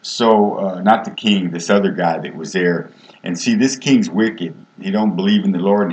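A man's voice: low voice, echoey room. A man teaching a casual Bible study, reading scripture aloud and then retelling it in plain everyday speech.

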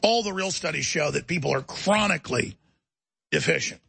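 A man's voice: fairly high pitch, animated, normal speed, gravelly, pushed and bright, breathy edge. A man hosting a talk show, delivering a heated, emphatic ranting monologue.

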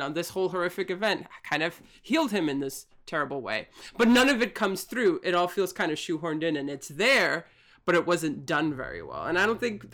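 A man's voice: sits high, a bit bright. A man co-hosting a film podcast, giving articulate, analytical opinions in long sentences. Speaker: podcast co-host. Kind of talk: casual chat.

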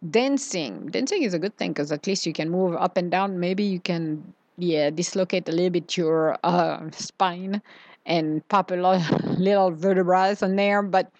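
Woman, spiritual coach, motivational talk, slow soothing delivery, drawn-out phrases, dry close sound. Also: on the low side, a little mellow, no echo, muffled recording.

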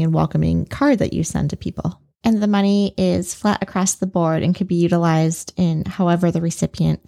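A woman's voice: lowish voice, vocal fry, warm tone. A woman hosting a podcast interview, talking in an earnest, emphatic way. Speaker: podcast host. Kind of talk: conversational interview.

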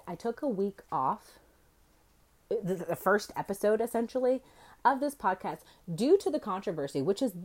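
A young woman hosting her own podcast, ranting brashly and swearing freely as she tells stories. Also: fairly low pitch. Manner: brash, profane, animated storytelling. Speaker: podcast host. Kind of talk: solo podcast rant.

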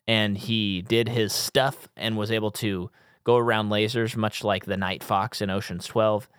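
A man's voice: on the low side, a bit bright, smooth, no echo, studio quality. A man in his thirties co-hosting a podcast, chatting casually about a movie, rambling and correcting himself with jokes. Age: 30s. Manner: rambling, self-correcting, joking. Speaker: podcast co-host. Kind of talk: casual movie-review chat.

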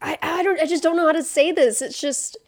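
A young woman co-hosting a podcast in casual chat, telling a story animatedly and acting out quotes loudly, with many fillers and swearing. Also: high-pitched, fairly quick, no echo, studio quality. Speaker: podcast co-host.

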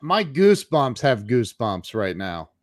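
Man host, lively pitch, slow pace, dry sound, amazed reactions. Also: no room sound. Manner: reacts with amazed short remarks. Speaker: podcast host. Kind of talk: interview conversation.

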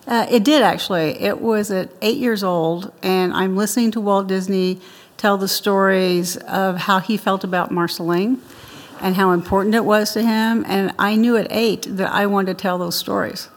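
A woman's voice: mid-range voice, steady tone, normal speed, big-room sound. An older woman being interviewed, telling childhood stories in a chatty way and laughing often. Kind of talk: interview storytelling.

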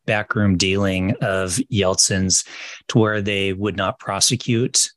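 A man's voice: low-pitched, little pitch movement, slow, fairly bright tone, no echo. A man co-hosting a casual history podcast, explaining events steadily and correcting himself now and then. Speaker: podcast co-host.

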